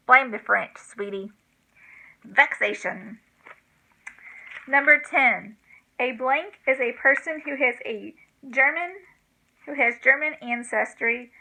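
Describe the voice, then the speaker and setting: A woman's voice: a little high, sharp tone, low-quality recording. An older woman, a grandmother, giving a homeschool vocabulary lesson, spelling words letter by letter in a chatty, self-deprecating way.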